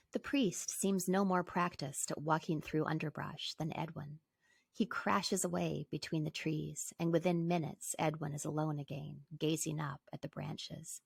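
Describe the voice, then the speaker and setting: A woman novelist from British Columbia, reading calmly from her book and chatting as a guest. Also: sits low, moderate pace, gravelly, slightly rough, no room sound. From British Columbia, Canada.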